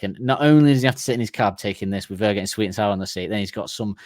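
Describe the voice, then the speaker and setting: A man with a fairly low voice co-hosts a casual comedy podcast. He rambles from one tangent to the next, acting out characters' lines as he goes. The sound is close and dry, with no room at all. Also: quick pace, dry recording. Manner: rambling storyteller, acts out voices in quotes. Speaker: podcast co-host.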